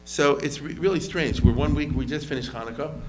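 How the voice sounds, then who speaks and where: A man's voice: fairly high pitch, fairly quick, slight background noise. A man giving an informal history lecture as a rabbi, talking casually with many restarts and acting out quotes. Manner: conversational, lively quoted voices, frequent fillers and restarts.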